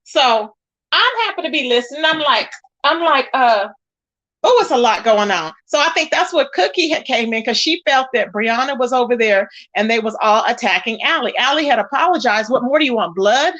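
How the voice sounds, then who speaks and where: A woman's voice: on the high side, lively intonation, normal speed, a bit bright, lo-fi sound. A woman hosting her own channel, giving sassy, emphatic gossip commentary straight to her viewers. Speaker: channel host.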